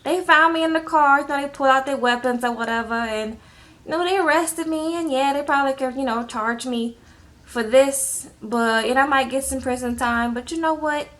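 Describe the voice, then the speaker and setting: A woman's voice: high voice, moderate pace, a bit bright. A woman mimicking a man in jail, casually shrugging off his arrest and asking for money. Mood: offhand.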